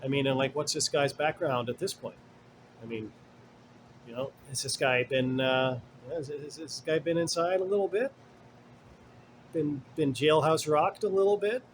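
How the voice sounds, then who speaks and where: A man's voice: a little high, normal speed, slight background noise. A man hosting a casual commentary monologue, rambling and digressive with many asides, blunt and sarcastic at times. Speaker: commentary host.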